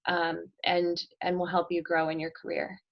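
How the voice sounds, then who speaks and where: A woman's voice: fairly low pitch, completely flat delivery, moderate pace, highs cut off. A woman guest on a podcast, talking casually and thoughtfully with frequent ums and light laughs. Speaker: podcast guest, marketing executive. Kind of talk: casual interview chat.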